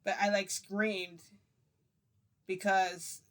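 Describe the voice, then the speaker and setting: A woman's voice: fairly low pitch, moderate pace. A woman vlogger telling a story to camera in a rambling, chatty way, with fillers and laughs.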